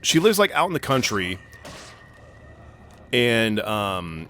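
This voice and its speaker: A man's voice: lowish voice, very animated, takes it slowly, bright, forceful tone, a little hiss or hum. A young man co-hosting a gaming video, rambling through a long story full of fillers and swearing while he plays. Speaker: gaming channel co-host. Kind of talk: casual let's-play storytelling.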